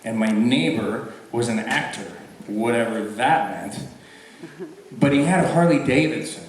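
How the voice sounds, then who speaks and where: A man's voice: medium pitch, measured pace. A man answering audience questions at a convention, telling self-mocking stories with frequent laughs. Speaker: convention guest actor. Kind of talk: casual Q&A storytelling. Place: convention hall. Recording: echoey hall, far from mic, crowd. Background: crowd.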